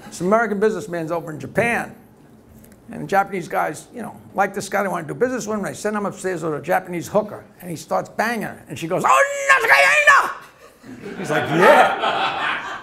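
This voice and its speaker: A man's voice: high voice, quick pace, vocal fry, a bit bright, slight background noise. A man hosting a live comedy show, telling brash jokes and laughing often on a club stage. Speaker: comedy host. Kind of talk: live stand-up banter.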